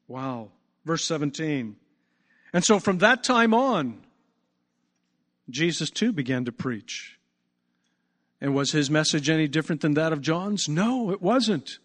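Emphatic male preacher, slightly raised pitch, stretches words for weight, reverberant hall. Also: expressive, unhurried, long pauses, a bit bright. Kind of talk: sermon. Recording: long reverb.

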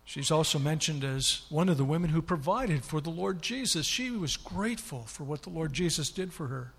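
A man's voice: a little high, expressive, normal speed, slightly rough. A man preaching a sermon, retelling scripture with dramatic, rising emphasis. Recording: long hall reverb.

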